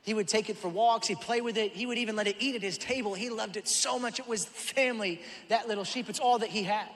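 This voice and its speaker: Bright-voiced pastor with lively storytelling. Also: male voice, high-pitched, fast talker, big-room sound. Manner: animated storytelling with acted-out voices. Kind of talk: sermon. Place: church auditorium.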